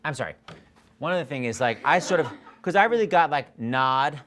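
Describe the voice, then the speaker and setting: A man coaching a singer in a master class, animated and jokey, acting out lines and scatting melodies. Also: fairly high pitch, a little fast, slight background noise. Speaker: vocal coach. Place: studio or rehearsal room.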